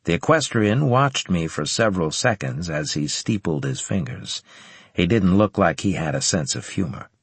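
A man narrating a first-person audiobook in a low, even, matter-of-fact way on a close studio mic. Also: moderate pace, gravelly, breathy edge, no echo.

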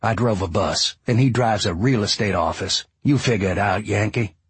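A man with a husky voice playing a bitter, foul-mouthed ex-bus driver, ranting and sarcastic. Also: lowish voice, normal speed, no room sound. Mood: mocking. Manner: angry, sarcastic, swearing.

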